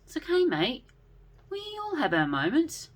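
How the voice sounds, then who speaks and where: A woman's voice: sits high, wildly swooping pitch, unhurried, a little hiss or hum, pitched above the performer's own voice, full character voice. A woman voicing a loyal young male knight in a story, reassuring and pleading with his friend.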